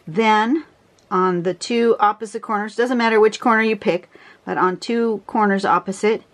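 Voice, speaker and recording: A woman's voice: mid-range voice, normal speed. Chatty woman teaching a drawing pattern. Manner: chatty, rambling with fillers. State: out of breath. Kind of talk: casual drawing tutorial.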